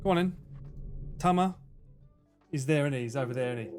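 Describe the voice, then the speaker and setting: A man's voice: medium pitch, brisk, long pauses, music in the background. A man streaming live, chatting casually with his viewers, laughing often and swearing freely. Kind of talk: casual livestream chat.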